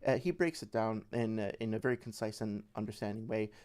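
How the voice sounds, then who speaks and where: A man's voice: on the low side, fairly quick, darkish tone, clear, resonant tone. Rambling young man on a livestream. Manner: rambling, many fillers and restarts. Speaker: debate reviewer. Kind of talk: casual livestream commentary.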